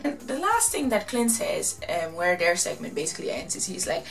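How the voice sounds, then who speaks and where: A woman casually recapping and commenting on a reality show, chatty and animated, acting out what the people said. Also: on the low side, normal speed, vocal fry, soft background music. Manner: chatty, animated, quotes people in exaggerated voices.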